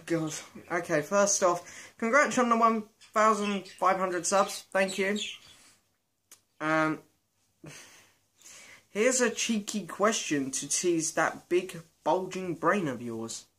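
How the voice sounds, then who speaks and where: A man's voice: high-pitched, bright, forceful tone. Young british guy reading out fan questions, chatty and poking fun at himself. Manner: chatty, self-mocking, reads out viewer questions. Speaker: vlogger. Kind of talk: casual Q and A chat.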